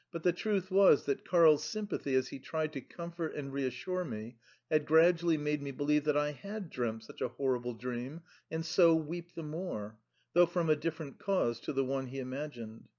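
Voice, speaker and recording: A man reading an audiobook in a slow, measured narration, in a dull lo-fi recording. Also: fairly high pitch, darkish tone.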